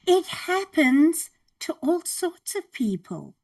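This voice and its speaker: A woman hosting a podcast interview, speaking in a slow, emphatic, encouraging way. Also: very high-pitched, big pitch swings, a little mellow, far from the mic. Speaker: podcast host.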